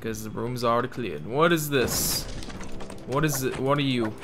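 A man's voice: mid-range voice, moderate pace, over music. A young man rambling through casual gameplay commentary, reading game text aloud mockingly, swearing freely, and talking in a joking put-on Italian-ish accent. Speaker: gaming channel host.

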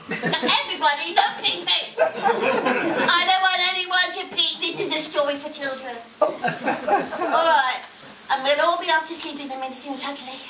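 Over a loud crowd, a woman with a very high voice speaks at normal speed as a giggly, cheeky newborn girl in a live comedy set. She rambles, keeps getting sidetracked, and laughs as she goes, all picked up by a distant mic with echo and heavy background noise.

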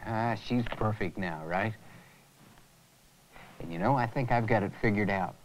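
A man's voice: on the low side, measured pace, lightly acted, poor audio. An actor playing an eager man learning about customer service, in a 1980s educational film. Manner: eager, questioning. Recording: faint hiss on an old tape transfer.

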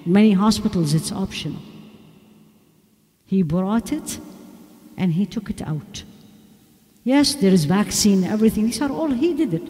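A woman's voice: medium pitch, animated, measured pace, pauses often, warm tone. A woman giving a religious lecture to a women's audience, emphatic and repeating rhetorical questions to her listeners. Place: large mosque hall. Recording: long hall reverb.

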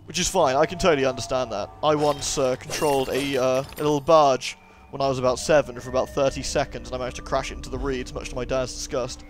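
A man's voice: mid-range voice, steady tone, fast talker, few pauses. A man casually commentating his gameplay, chatty and rambling with jokey asides. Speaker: let's play host. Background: game music.

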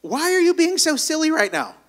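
A man's voice: very high voice, very animated, brisk, fairly bright tone, voice pushed up, exaggerated voice. A man voicing a chirpy little sparrow who teases in a matter-of-fact way, within a story told on stage. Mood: teasing.

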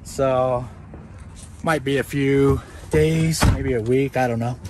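A man's voice: mid-range voice, fairly even intonation, slow, a little mellow. A man casually narrating family errands to the camera for a vlog, speaking in an easygoing, offhand way. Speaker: parent vlogging family errands. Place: inside a moving car. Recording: noisy car interior.

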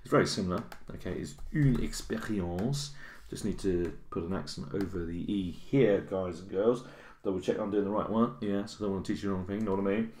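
A man's voice: deep voice, a little fast, a little mellow. A man teaching a recorded French lesson, chatty and encouraging, correcting himself as he types and checking in with "okay?". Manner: self-correcting, thinking aloud as he types. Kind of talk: recorded online lesson with on-screen notes. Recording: echoey room.

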